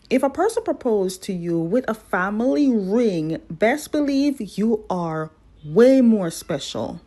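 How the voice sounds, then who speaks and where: Woman, drama recap vlogger, playful, chatty, lively pitch. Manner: chatty, playful, talks straight to viewers.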